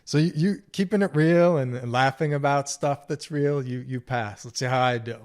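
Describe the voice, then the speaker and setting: A man's voice: medium pitch, normal speed, darkish tone. A man co-hosting a podcast in casual chat, teasing his wife and laughing often. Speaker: podcast co-host.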